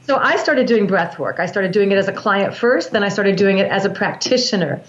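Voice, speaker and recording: A woman's voice: medium pitch, animated, a little fast. A woman, a breath work practitioner, earnestly explaining her practice in an interview, often restarting her sentences. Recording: echoey, dull lo-fi sound.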